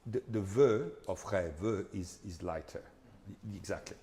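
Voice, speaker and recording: Earnest conductor coaching singers in a hall. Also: male voice, low voice, a little slow, mellow. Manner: earnest, repetitive coaching with frequent tag questions. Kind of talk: master class coaching. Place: concert hall. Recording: hall reverb with faint background noise.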